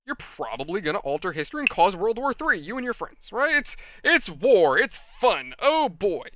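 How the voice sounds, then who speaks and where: A man's voice: high voice, moderate pace. A man hosting a hobby channel, telling a rambling, exasperated anecdote straight to his viewers. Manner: animated, exasperated storyteller, addresses viewers. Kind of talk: rambling anecdote while model building.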